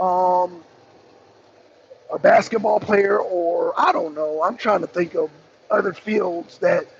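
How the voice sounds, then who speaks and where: A man's voice: high voice, gravelly. A man hosting a talk show, giving rambling, blunt opinion commentary with emphatic repeats and casual cursing. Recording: dull lo-fi sound with faint noise.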